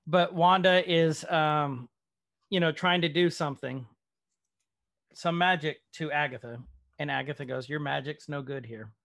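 A man's voice: medium pitch, vocal fry, a bit bright. A man co-hosting a podcast, casually recapping a TV episode and leading the discussion with many fillers. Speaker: podcast co-host.

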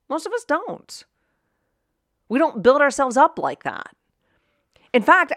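A middle-aged woman from Pittsburgh with a faint Pittsburgh accent, hosting a solo podcast in a chatty, animated way full of asides. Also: low voice, no room sound, clean studio sound. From Pittsburgh, USA. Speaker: podcast host.

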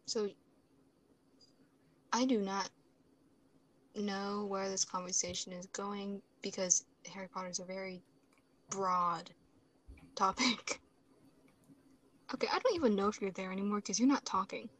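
A woman's voice: mid-range voice, fairly even intonation, measured pace, pauses often, fairly bright tone. Chatty flustered young woman hosting. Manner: chatty, easily flustered, laughs often. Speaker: podcast host. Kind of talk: casual chat. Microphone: phone speaker.

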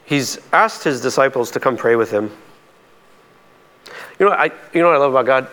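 Forceful, bright-voiced man preaching. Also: animated, a little fast. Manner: conversational, emphatic, climbs high when stressing points. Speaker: pastor. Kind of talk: sermon.

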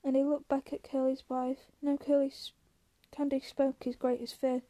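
A woman reading a novel aloud in a steady, measured way. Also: sits high, no room sound. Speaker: audiobook reader.

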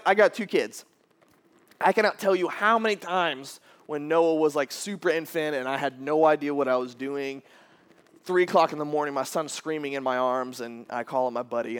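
Animated young man preaching a sermon. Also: normal speed. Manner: animated, acts out quotes with sudden loud high bursts; casual, repeats words as he restarts. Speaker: pastor.

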